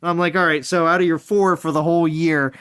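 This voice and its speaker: A man's voice: fairly high pitch, fairly even intonation, fast talker, a bit bright, clear, resonant tone. An American man hosting a game stream, chatting casually, reading viewer comments aloud and laughing often. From United States. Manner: laughing, reads chat aloud. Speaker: streamer host.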